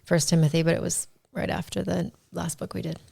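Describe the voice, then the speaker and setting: Low gravelly woman, wry guest. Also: flat delivery, brisk, warm tone, dry recording, clean studio sound. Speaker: guest, women's group teacher. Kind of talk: casual chat.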